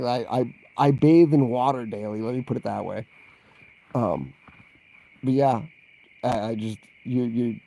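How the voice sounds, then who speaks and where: A man's voice: mid-range voice, gravelly, dark tone. A man in a casual livestream Q&A, rambling and chatty, laughing often and reacting to live chat messages. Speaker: vlogger answering viewer questions.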